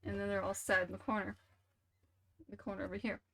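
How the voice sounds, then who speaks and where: A woman's voice: mid-range voice, flat delivery, fast talker, gravelly, bright, forceful tone, a little hiss or hum. A woman streamer spinning a playful, dramatic, rambling story in casual livestream chat.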